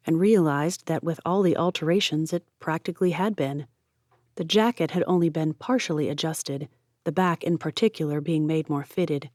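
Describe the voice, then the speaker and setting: A woman narrates a novel in a steady, expressive way, with a voice on the lower side. The sound is close and dry, with no room around it. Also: moderate pace, no echo. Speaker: audiobook narrator. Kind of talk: audiobook narration.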